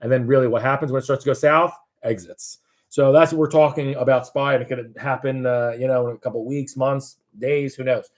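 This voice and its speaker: A man hosting a loose, chatty market show. He rambles over charts at a middle pitch, jokes, and corrects himself as he goes. His voice is plain and everyday. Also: fairly even intonation, a little fast. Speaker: market analyst host.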